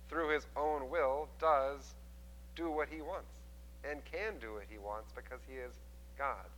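A man preaching a sermon, retelling a scripture story with lively voices for the people in it. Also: medium pitch, in a large hall, rough recording. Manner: animated storytelling, acting out quoted voices. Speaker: pastor.

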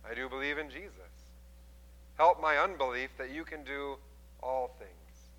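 Bright-voiced man preaching in a hall. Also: mid-range voice, measured pace. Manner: animated storytelling, acting out quoted voices. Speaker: pastor. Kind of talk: sermon.

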